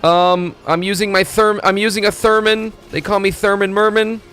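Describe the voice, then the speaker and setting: A man streaming a video game, talking in a rambling, excitable, profane way as he plays. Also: sits high, normal speed. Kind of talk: casual gaming commentary. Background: faint game music.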